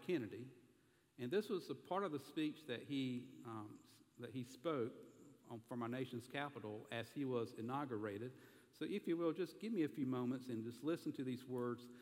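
A man's voice: mid-range voice, a little mellow, big-room sound. A man with a Southern American accent preaching a sermon as pastor, speaking earnestly and stumbling over the odd restart. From Southern United States. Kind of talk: sermon, reading a speech aloud.

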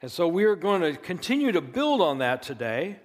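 An earnest male pastor delivers a sermon, leaning hard on his key phrases. His voice sits a little high for a man. A long reverb trails each line, as in a large church hall. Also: sing-song. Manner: earnest, emphatic preaching with slow stressed phrases.

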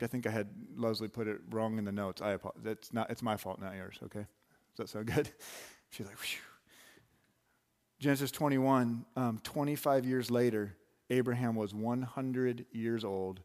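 A man's voice: mid-range voice, moderate pace, darkish tone. A man preaching a sermon in a loose, conversational way, full of asides and restarts. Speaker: pastor.

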